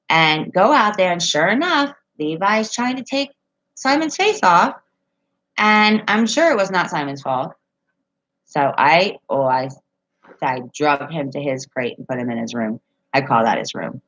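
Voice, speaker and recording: Low-voiced chatty woman livestreaming. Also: a bit bright, lo-fi sound. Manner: rambling, chatty storytelling with frequent laughs. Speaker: livestreamer reading viewer comments. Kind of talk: casual live chat. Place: at home.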